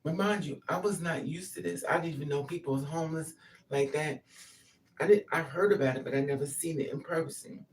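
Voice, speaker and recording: A woman tells a personal story in a casual, blunt and profane manner. Her voice is gravelly, with a laugh now and then. She sits a bit away from the mic. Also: sits low, a little fast, distant mic, slight background noise. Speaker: vlogger telling a personal story.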